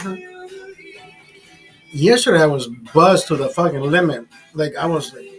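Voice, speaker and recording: A man's voice: on the high side, low-quality recording. A man hosting his own livestream while drinking, tipsy and boastful, swearing constantly in a crude rant. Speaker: livestream host. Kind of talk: casual profane rant.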